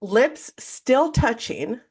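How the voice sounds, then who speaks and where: A woman's voice: fairly high pitch, very slow, slightly rough. A woman co-hosting a podcast, telling a candid story in casual chat and acting out what people said. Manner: candid, animated storytelling, acts out quotes. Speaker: podcast co-host.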